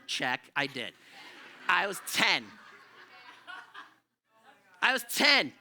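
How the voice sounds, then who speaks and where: A middle-aged male comedian on a club stage, rambling through a loose, profane set. His voice sits fairly high and comes across very bright and forceful. He keeps it self-deprecating. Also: big pitch swings, slow, pauses often. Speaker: stand-up comedian. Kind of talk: live stand-up set.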